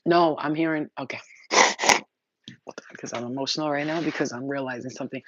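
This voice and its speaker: A woman's voice: very deep voice, moderate pace. Emotional, rambling woman spiritual reader. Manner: excited, rambling, swearing, emotional. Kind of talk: emotional channeled message to viewers.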